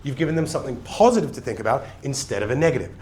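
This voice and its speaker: A man coaching on sales leadership, teaching energetically and slowing down to stress his key words. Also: mid-range voice, big pitch swings, a little mellow. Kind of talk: teaching lesson to camera.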